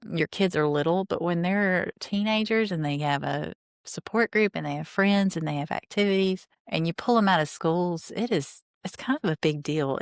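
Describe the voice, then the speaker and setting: Chatty woman, low voice. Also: no echo, studio quality. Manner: chatty, indignant, recaps scenes and reads quotes aloud. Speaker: podcast host. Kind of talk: reality TV rewatch commentary.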